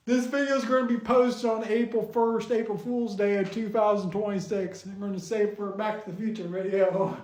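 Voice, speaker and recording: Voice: mid-range voice, steady tone, fast talker, darkish tone. A storyteller telling a long, twisted joke story, often giggling and stumbling over words. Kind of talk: rambling comic storytelling. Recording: roomy echo.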